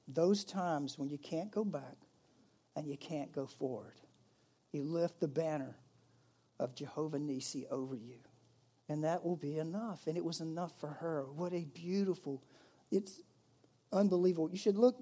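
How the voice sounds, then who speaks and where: Male pastor, mellow tone, conversational sermon with loud peaks and soft drops. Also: on the high side. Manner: conversational, with emphatic rises and hushed drops.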